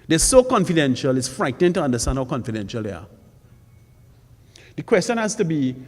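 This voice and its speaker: A man speaking as a forum panelist, emphatic and rhetorical, stressing points by repeating them. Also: a little high. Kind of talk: public forum speech. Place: college forum hall. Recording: long hall reverb.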